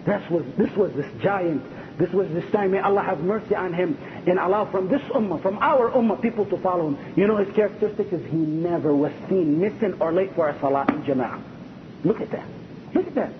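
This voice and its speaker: Impassioned high-voiced preacher. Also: male voice. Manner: impassioned, asks the audience rhetorical questions. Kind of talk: sermon lecture. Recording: dull lo-fi lecture recording with faint rumble.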